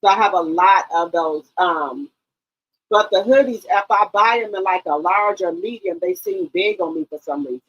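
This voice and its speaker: A woman's voice: mid-range voice, sing-song, normal speed, dull audio. A woman hosting a casual live stream, greeting viewers one by one and rambling loosely with many ums.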